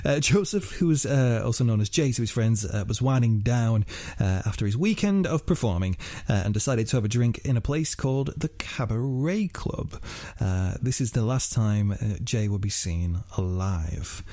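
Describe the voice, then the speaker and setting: A man's voice: medium pitch, expressive, normal speed, hardly any pauses, dark tone, no room sound. A young man hosting a podcast, telling a true-crime case in a casual, swearing way with many fillers. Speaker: podcast host.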